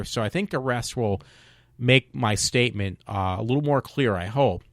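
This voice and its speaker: A man hosting a podcast, ranting in a rambling, halting way with many restarts and fillers. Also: medium pitch, no room sound, studio quality. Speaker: podcast host. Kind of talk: casual opinion monologue.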